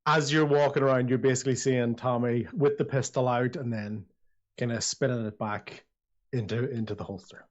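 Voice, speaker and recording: A man's voice: medium pitch, steady tone, normal speed. A man narrating as dungeon master of a tabletop game, chatty and rambling, often restarting his sentences. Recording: slightly dull lo-fi audio.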